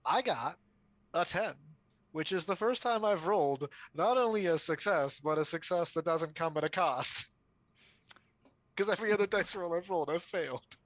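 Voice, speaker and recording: A man describes his character's actions at a tabletop game, tripping over repeated words. His voice sits a little high, recorded close and dry. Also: lively intonation, normal speed, fairly bright tone, no room sound. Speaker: player. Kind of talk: casual tabletop game play.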